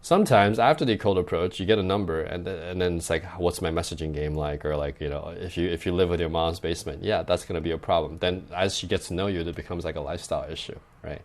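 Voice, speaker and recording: A man's voice: deep voice, fast, few pauses. A young adult man who coaches dating, talking loosely in a podcast chat and often tagging lines with "right?". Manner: loose and conversational, frequent "like" and "right?" tags. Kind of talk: casual podcast advice talk.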